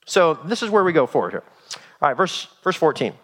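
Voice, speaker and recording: A man preaching a sermon, retelling a story in a lively, dramatic way and acting out the characters. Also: a little high, fast.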